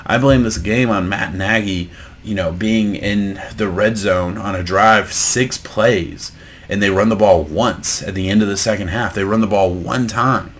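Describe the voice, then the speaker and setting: A deep-voiced man gives his casual take on the week's football games. He talks loosely, doubles back on his words and builds into heated, profane rants about bad coaching. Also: measured pace, fairly bright tone, slight background noise. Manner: heated ranting, swearing, many restarts; laid-back reactionary musing. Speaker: sports podcast host. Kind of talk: casual sports reaction commentary.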